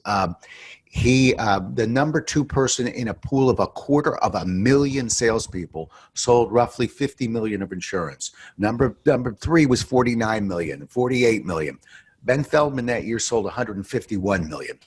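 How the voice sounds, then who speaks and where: A man, a sales trainer, answering interview questions as an animated storyteller who swings from low asides to loud emphatic points. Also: moderate pace, breathy edge.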